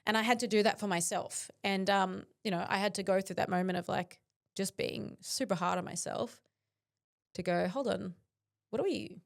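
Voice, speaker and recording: A woman's voice: mid-range voice, moderate pace, gravelly. Earnest, intense woman. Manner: earnest, intense, with frequent fillers. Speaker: podcast guest, bodybuilder. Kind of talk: reflective interview talk.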